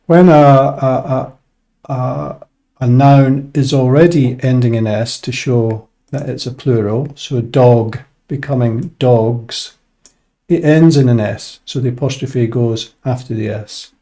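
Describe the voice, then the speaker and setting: A man teaching an English grammar lesson in a relaxed, casual way, thinking aloud with frequent "uh" and "um". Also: mid-range voice, slow pace.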